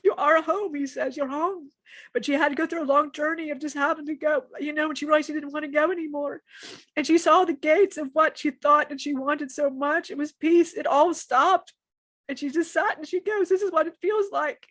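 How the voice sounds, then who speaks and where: A woman channeling a spiritual message, speaking in an emotional, halting way with many restarts and repetitions. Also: high voice, fairly even intonation, fairly bright tone, no echo.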